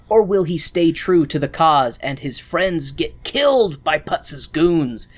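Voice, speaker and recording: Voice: mid-range voice, lively intonation, slow, few pauses. A host from the Midwestern United States giving a sarcastic, joking recap of a story's plot. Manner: sarcastic, jokey, slips into voices.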